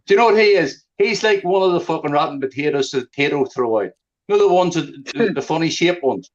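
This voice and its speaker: A man's voice: fairly high pitch, animated, fast. A man with a Belfast accent hosting a live stream panel, ranting and mocking with constant swearing. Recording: dull lo-fi stream audio.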